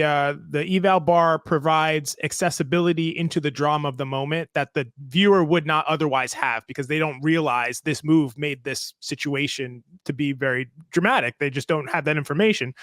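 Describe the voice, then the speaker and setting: A man's voice: a little high, fairly bright tone, no room sound, clean studio sound. A man co-hosting a podcast as a basketball analyst, explaining his ideas step by step in casual chat and repeating phrases.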